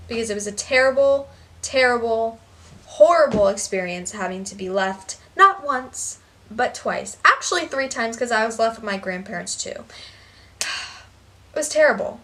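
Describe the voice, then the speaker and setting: A woman's voice: a little high, animated, moderate pace, a bit bright, distant mic. A young woman telling a rambling, sarcastic storytime on her vlog, full of "like" and "basically". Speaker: vlogger.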